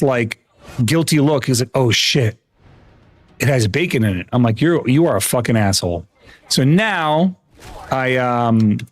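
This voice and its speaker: An American man chats casually on a gaming livestream, rambling from one story to the next. He swears freely and trips over his words, restarting sentences as he goes. His voice keeps jumping up into a high, animated register. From United States. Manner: animated, often jumps up in pitch. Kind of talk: casual live-stream chat while gaming.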